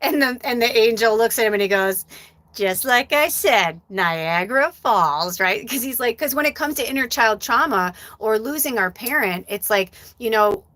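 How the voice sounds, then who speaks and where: A woman's voice: a little high, a little fast, few pauses, fairly bright tone, no echo. A middle-aged woman hosting a live stream as a medium, talking casually and from the heart, rambling with many fillers.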